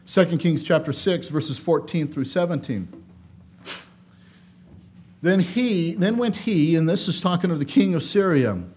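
Male preacher with a high voice, dynamic sermon delivery that swings from loud emphasis to quiet asides, measured when reading scripture. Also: lively intonation, slightly rough. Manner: reads scripture aloud in a measured cadence.

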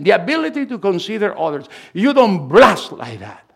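A man preaching a sermon as pastor, swinging from quiet asides to loud, emphatic lines. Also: sits high, very animated, normal speed, vocal fry, slightly rough.

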